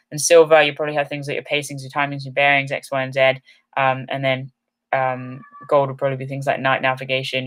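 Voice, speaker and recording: A woman's voice: a bass voice, fairly bright tone. Woman chatting on her live stream, upbeat, lots of ums, bit tired and yawny. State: yawning, a little tired. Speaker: outdoor channel host. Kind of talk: live-stream chat answering comments.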